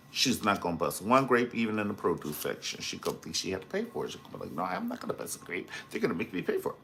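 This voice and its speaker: A man hosting a casual live-stream review, dishing gossip with sass and drama. His pitch swoops up and down as he talks, and he keeps breaking off to greet viewers in the chat. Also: fairly bright tone, a little hiss or hum. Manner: sassy, dramatic and gossipy, full of slang asides; chats with viewers in the live comments.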